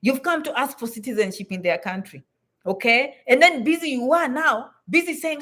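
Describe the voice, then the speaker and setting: Woman, high voice, blunt, emphatic, repeats herself for stress, advice vlog. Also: moderate pace, fairly bright tone. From Africa. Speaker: vlogger giving advice to immigrants. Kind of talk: direct-to-camera advice talk.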